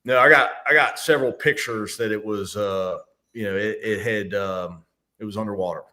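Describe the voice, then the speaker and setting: A man chatting as a guest who talks haltingly, with many fillers and restarts. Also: on the low side, pushed and bright. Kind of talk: casual chat.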